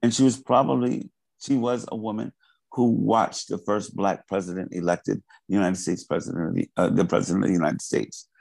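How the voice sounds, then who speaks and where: A man's voice: deep voice, fairly even intonation, normal speed, creaky, a little mellow, no room sound, poor audio. A male artist in an interview, speaking earnestly and with passion, often restarting and repeating words. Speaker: artist guest. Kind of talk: interview conversation.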